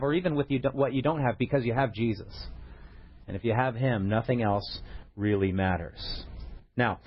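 Male pastor, mid-pitched, easygoing humorous sermon delivery, slightly muffled recording. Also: slightly rough. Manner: conversational preaching with light humor.

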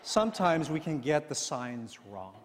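A male pastor reading scripture and telling a story in a sermon, with measured, deliberate delivery. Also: on the high side, sing-song, big-room sound, slight background noise.

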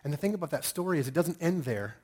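A middle-aged man delivers a sermon in a husky, somewhat high voice. He tells his stories with animated energy and throws in sudden loud outbursts for emphasis. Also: fast talker. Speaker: pastor.

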